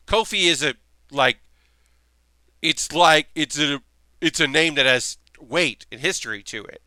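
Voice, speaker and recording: Male streamer host, casual rambling chat, bright crisp voice, dry close mic. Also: on the high side, a little slow, long pauses, dry recording. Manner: rambling, lots of fillers and restarts. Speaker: streamer hosting a building stream.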